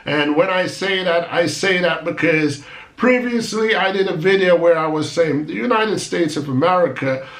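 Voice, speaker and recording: A man's voice: high voice, normal speed, a bit bright, reverberant. A man hosting his own channel, giving an emphatic, argumentative opinion monologue and mocking his critics with rhetorical asides. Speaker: channel host.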